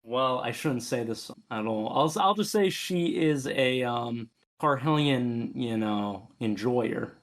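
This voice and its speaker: A young man co-hosting a casual, jokey chat that ranks game characters, his voice jumping up high for playful bits. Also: slow pace, few pauses. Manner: animated, jokey, pitch jumps up for bits. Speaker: co-host ranking game characters. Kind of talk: casual banter.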